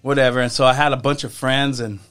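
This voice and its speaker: A man as a podcast guest, telling stories from his past in a casual, halting way, often restarting his sentences. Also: medium pitch, flat delivery, a bit bright, faint music behind. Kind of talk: casual storytelling.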